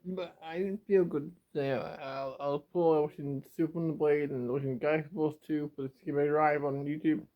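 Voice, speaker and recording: Young male vlogger, emotional confessional, repetitive and halting, fighting tears, slightly raised pitch, muffled lo-fi sound. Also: steady tone. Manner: rambling and repetitive, stumbling over words. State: close to tears. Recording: dull lo-fi home video.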